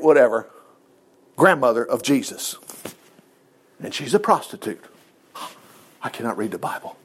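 A man with a high-pitched voice preaches an informal sermon, retelling Bible stories in a chatty, lively way. He drops in joking asides and acts out the quoted lines as he goes.

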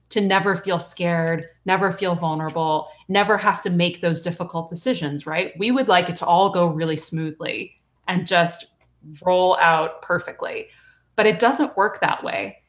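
A woman guest telling a personal story in an earnest, reflective way, with soft laughs. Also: lowish voice. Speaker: guest author and coach. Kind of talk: conversational storytelling.

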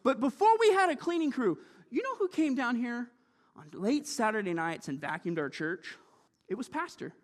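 A male preacher delivering a lively, joking sermon and calling out for amens. His voice sits very high and swings widely in pitch. He is heard in a church with a long, ringing reverb. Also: moderate pace.

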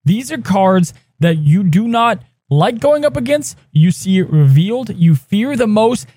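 A man co-hosting a podcast, talking in a casual, animated way and hyping up each new segment. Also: high voice, unhurried, breathy edge, no room sound, studio quality. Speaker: podcast co-host.

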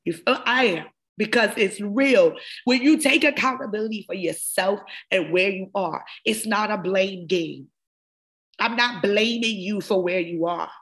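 A wellness coach hosting her podcast gives an emotional, impassioned motivational monologue packed with repeated phrases. Her mid-range voice is a bit bright and her pace measured.

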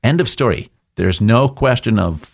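A middle-aged New England man, a business owner, is a guest in a casual interview. His medium-pitched, gravelly voice has lively intonation at a normal speed as he tells jokey stories and acts out little voices with big jumps.

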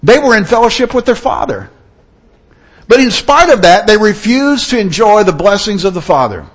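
A man's voice: sits high, big pitch swings, moderate pace. A man preaching a sermon in an earnest, storytelling manner. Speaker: pastor.

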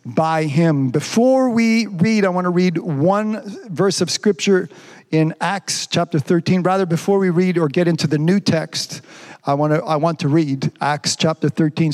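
A man's voice: a little high, measured pace, a little mellow. A pastor preaching a sermon, fervent and repetitive, peppering his talk with "praise God" and "amen.". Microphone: streamed online service.

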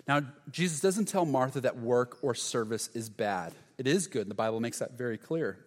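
A man preaching a sermon as pastor, earnest, letting key lines fall soft and low. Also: expressive, moderate pace, few pauses, in a large hall.

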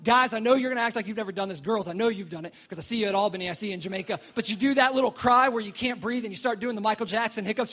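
A young man delivers a sermon in a fairly high voice. He tells the story in an animated way and acts out how each person reacts as he goes. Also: quick pace, few pauses. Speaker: pastor.

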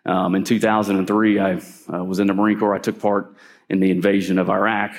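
A middle-aged man gives a sermon in a lowish voice, telling stories as he goes. He clears his throat often, and his voice climbs when he acts out what someone said. His delivery stays conversational. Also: level tone, brisk. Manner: storytelling, clears throat often, voice rises when acting out quotes. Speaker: preacher.

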